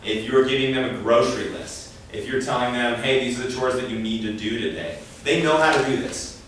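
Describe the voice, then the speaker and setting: A man's voice: medium pitch, fairly even intonation, fairly quick. A man giving an informal talk to parents at a training session, conversational and often acting out quoted dialogue. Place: meeting room. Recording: echoey room, speaker far from mic, faint noise.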